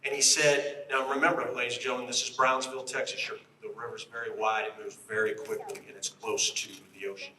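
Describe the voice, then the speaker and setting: At an outdoor rally, a middle-aged retired state police officer tells a story in an emphatic speech, addressing the crowd directly. His medium-pitched voice is level and sharp, fairly quick with few pauses. The recording is echoey and distant from the mic, with a little hiss or hum.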